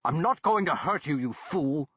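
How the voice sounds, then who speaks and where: A man voicing an impatient, sharp-tongued doctor who snaps his words curtly. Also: fairly high pitch, lively intonation, normal speed, husky, no room sound, dull audio, voice pushed up. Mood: exasperated. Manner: curt, exasperated, snapping.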